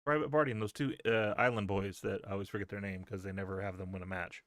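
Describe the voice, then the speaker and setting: Male podcast host, lowish voice, dry close sound, loose sweary banter. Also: fairly even intonation, fast talker, fairly bright tone, no room sound. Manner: loose, swearing, stammering restarts. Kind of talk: casual wrestling chat.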